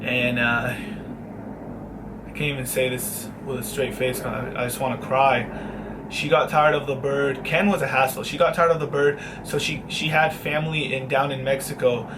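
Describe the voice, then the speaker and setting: A man's voice: mid-range voice, little pitch movement, moderate pace, background noise. A young man vlogging, telling a long casual story with swearing and mock-dramatic sad asides.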